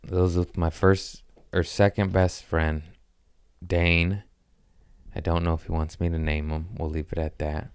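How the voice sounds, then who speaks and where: A man's voice: low voice, measured pace, clean tone, no room sound, clean studio sound. A man in his thirties hosting a comedy podcast, telling crude stories in a casual, profane way and acting out the voices in them. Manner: profane, animated storyteller who acts out voices.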